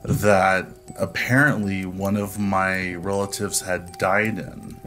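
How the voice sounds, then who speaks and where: A man's voice: sits low, steady tone, takes it slowly, sharp tone, soft background music. A man telling a personal story as a podcast guest, in a laid-back, profane way. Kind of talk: casual storytelling.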